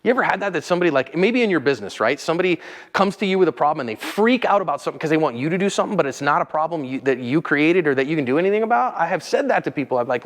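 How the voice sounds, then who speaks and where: A man hosting a casual instructional talk, earnest and emphatic, dropping low and quiet when he describes staying calm. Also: racing, long reverb tail. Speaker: host.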